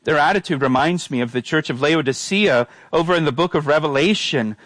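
A man's voice: a little high, brisk, a bit bright, dry recording. A man, a pastor preaching an earnest sermon and repeating phrases for emphasis.

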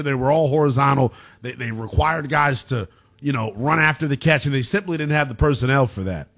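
A man hosting a sports talk radio show, energetic and analytical. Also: a little high. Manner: energetic, analytical, pushes callers to speak boldly.

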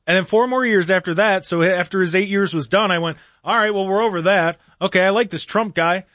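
A man's voice: sits high, fast talker, few pauses, a bit bright, no echo, clean studio sound. A man in his thirties hosting a talk radio show, rambling through an opinionated monologue with sarcastic, mock-earnest asides. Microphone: studio microphone.

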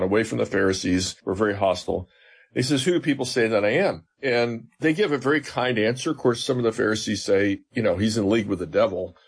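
A man's voice: medium pitch, slightly rough. A man, a seminary professor, explaining scripture as an interview guest in an earnest, teacherly way with emphatic retellings.

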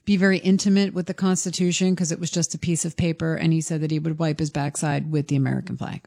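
A woman co-hosting a radio show, giving measured, cautionary remarks. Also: low voice, flat delivery, gravelly, mellow, no room sound, clean studio sound. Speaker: radio co-host. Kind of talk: casual studio chat.

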